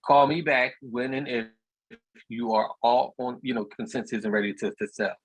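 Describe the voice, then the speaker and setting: Husky man telling property stories. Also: medium pitch, moderate pace, dry recording, poor audio. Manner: storytelling, plainspoken, repeats words. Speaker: real estate investor speaker. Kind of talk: casual talk on a video meetup.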